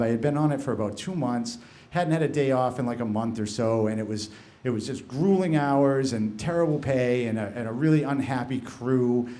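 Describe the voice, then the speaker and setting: A man's voice: mid-range voice, darkish tone. Man telling a story to a live crowd. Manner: conversational, frequent "like" fillers and restarts. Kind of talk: live first-person storytelling. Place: live story slam event.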